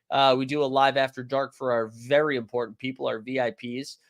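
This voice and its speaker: A man's voice: mid-range voice, fairly quick, gravelly, few pauses. A man hosting a fantasy basketball livestream, chatting loosely and jokingly, greeting viewers by name from the comments. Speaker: fantasy sports livestream host. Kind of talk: casual livestream chat reading viewer comments.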